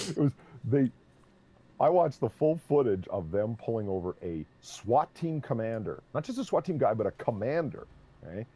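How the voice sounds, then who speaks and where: A man streaming a game, chatting casually and telling an animated story, swearing freely. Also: mid-range voice, normal speed, pauses often, husky. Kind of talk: casual chat while gaming.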